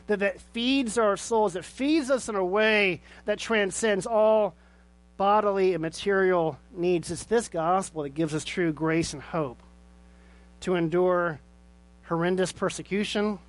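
High-voiced man preaching earnestly. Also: a little slow. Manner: earnest preaching with rhetorical questions. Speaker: pastor. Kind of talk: sermon and closing prayer.

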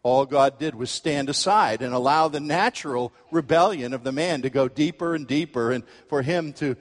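A male pastor preaching a sermon, telling a story with lively acted-out quotes. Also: medium pitch, normal speed, long reverb tail. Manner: animated storytelling, acts out quoted voices.

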